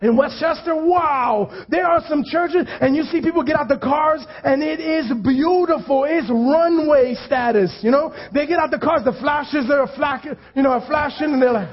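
A man with a high voice delivers a conversational sermon as a pastor. He drives points home by repeating phrases and drops in self-deprecating asides. The recording sounds dull and lo-fi. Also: moderate pace, few pauses.

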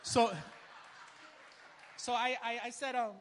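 High-voiced storytelling male preacher. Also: unhurried, in a large hall, slight background noise. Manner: storytelling, animated, casual street talk with laughs. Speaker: minister. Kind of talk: sermon.

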